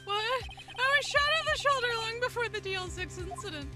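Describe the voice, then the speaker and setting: A woman's voice: extremely high pitch, animated, brisk, over loud music. A woman voicing a stern, arrogant older male prosecutor, reading his lines in a cold, dismissive manner.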